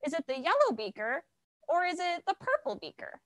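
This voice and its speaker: A woman teaching a lively live science lesson for children, explaining and demonstrating to viewers at home. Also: a little fast, no room sound. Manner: lively, animated teacher, demonstrates high and low voices. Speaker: science educator. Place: science center.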